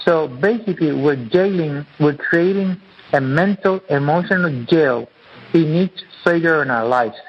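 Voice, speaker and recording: A man's voice: fairly high pitch, measured pace, lo-fi sound, slight background noise. A man guest, an author and acupuncturist, explaining his teaching in an earnest, repetitive, teacherly way during an interview.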